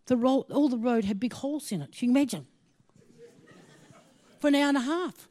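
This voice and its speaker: A woman preaching a sermon, telling a personal story with animated swings between hushed asides and excited exclaiming. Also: high voice, fairly quick.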